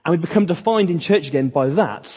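A man's voice: a little high, lively intonation, fast, darkish tone, breathy edge. A man, a pastor giving a conversational sermon, mocking quoted voices now and then. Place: church hall. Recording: echoey hall, dull lo-fi sound.

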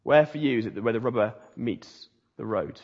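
Rousing pastor in a reverberant hall. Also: male voice, mid-range voice, brisk, husky. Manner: rousing, swings between hushed and loud, punchy repeated phrases. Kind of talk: sermon. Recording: dull sound with long hall reverb.

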